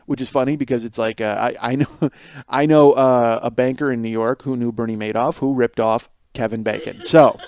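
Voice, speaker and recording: A man's voice: mid-range voice, steady tone, brisk, a little mellow, smooth, no room sound. A man in his forties hosting a comedic podcast, rambling, swearing and mocking himself. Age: 40s. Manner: rambling, profane, self-mocking. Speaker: podcast host. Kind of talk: solo comedic podcast monologue.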